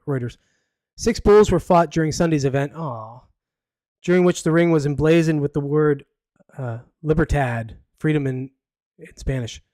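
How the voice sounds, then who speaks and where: A man's voice: fairly high pitch, darkish tone, no room sound. A man hosting a live podcast, reading news aloud with sarcastic, rambling asides. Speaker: podcast host. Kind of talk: casual live podcast commentary.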